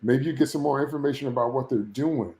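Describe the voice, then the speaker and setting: Reviewing a TV episode on a podcast, this co-host rants in exasperation, laughs a lot, and keeps things casual and opinionated. He talks fast in a medium-pitched, dark-toned voice, with a roomy echo around him.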